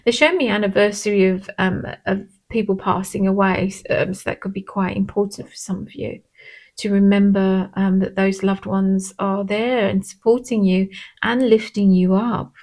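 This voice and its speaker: A woman, a tarot reader and medium, gently and reassuringly talking viewers through a pick-a-pile reading. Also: medium pitch, level tone. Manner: gentle, reassuring, unhurried, with frequent "um" and "I'm feeling".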